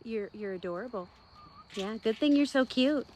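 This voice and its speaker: A woman's voice: on the high side, expressive, normal speed, a little mellow. A woman who runs an animal rescue, talking to her pet rooster in cooing, affectionate baby talk. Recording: noisy background with chickens. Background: chickens clucking.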